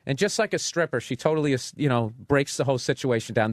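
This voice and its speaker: A man telling a profane, animated comic story as a guest on a talk radio show. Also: medium pitch, quick pace, no room sound, clean studio sound. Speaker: guest comedian.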